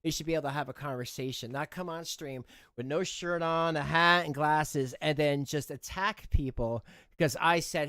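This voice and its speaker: A man's voice: a little high, moderate pace, a bit bright, no room sound, studio quality. A man hosting a livestream, ranting and mocking in an indignant, rambling way with many restarts. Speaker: livestream host.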